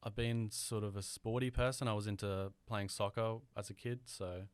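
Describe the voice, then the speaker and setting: Young Australian male guest, smooth resonant voice, hesitant casual talker. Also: lowish voice, steady tone, normal speed, dry recording. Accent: mild Australian. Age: young adult. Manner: hesitant, filler-heavy, rambling. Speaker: guest audio engineer. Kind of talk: casual podcast interview.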